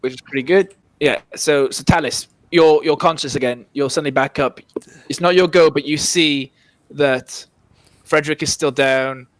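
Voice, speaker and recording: A man's voice: a little high, moderate pace, a little hiss or hum. A man running a tabletop game as dungeon master, setting scenes in a chatty way and often restarting his phrases. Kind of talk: casual tabletop game narration.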